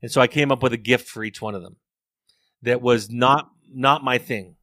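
A man's voice: mid-range voice, steady tone, moderate pace, pushed and bright, no room sound, clean studio sound. A middle-aged man, a therapist and author, talking earnestly and telling stories in an interview, often repeating words as he thinks. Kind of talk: reflective interview talk.

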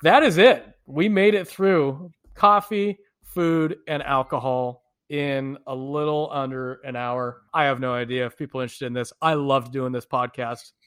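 A man's voice: medium pitch, steady tone, moderate pace, hardly any pauses, fairly bright tone, clear, resonant tone. A man, a podcast co-host from the United States, animatedly telling travel stories in a casual chat, laughing often.

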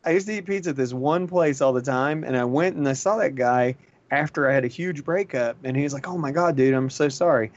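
A man co-hosting a podcast in casual chat, telling stories with animated energy and frequent laughs. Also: mid-range voice, brisk, no room sound. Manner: animated storyteller, laughs often. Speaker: podcast co-host. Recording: dull lo-fi sound.

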